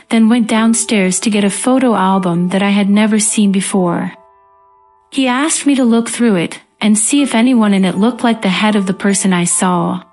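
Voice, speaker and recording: A woman reading a first-person ghost story as scripted narration in a calm, even manner. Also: medium pitch.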